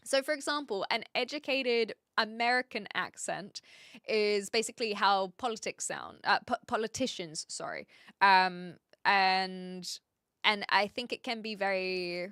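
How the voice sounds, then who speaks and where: A woman with an educated New Zealand accent, chatting casually on a live stream, rambling, pausing to search for words and reading chat aloud. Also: mid-range voice, pushed and bright, smooth, no echo, studio quality.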